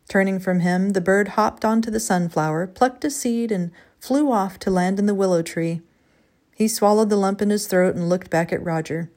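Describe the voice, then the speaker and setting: A woman narrating a written story in a measured, expressive way. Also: mid-range voice. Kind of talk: scripted storytelling.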